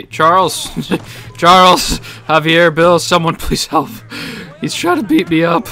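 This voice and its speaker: A man's voice: a little high, bright, forceful tone. A young man giving joking let's-play commentary, laughing often and yelping playfully. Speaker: gaming YouTuber.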